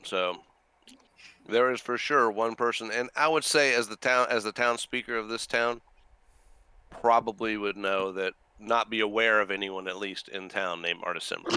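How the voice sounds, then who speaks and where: A man's voice: fairly low pitch, steady tone, normal speed, pushed and bright, smooth, no echo. A man running a tabletop game as game master, patiently explaining rules and distances.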